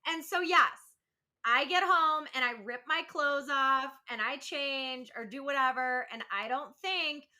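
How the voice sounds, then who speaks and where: Bright, high-voiced woman chatting candidly. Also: a little slow. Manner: candid, laughing, swears freely. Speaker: podcast co-host. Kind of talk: casual chat.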